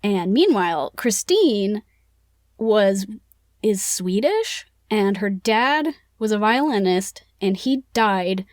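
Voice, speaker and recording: A woman's voice: medium pitch, big pitch swings, takes it slowly, no echo, studio quality. A woman co-hosting a casual book-club podcast, retelling a plot in a chatty, playful way with lots of "like". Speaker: podcast co-host.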